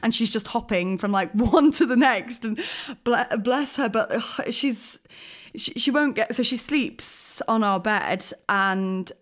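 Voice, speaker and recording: A woman's voice: a little high, slow. Chatty woman telling a story. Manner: chatty storytelling with frequent laughs. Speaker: podcast co-host. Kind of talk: casual chat.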